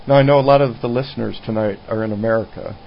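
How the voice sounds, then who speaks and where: A man's voice: on the low side, fast talker, creaky. A man hosting a radio talk show, interviewing a guest in a friendly, affirming way. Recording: dull lo-fi radio with faint noise.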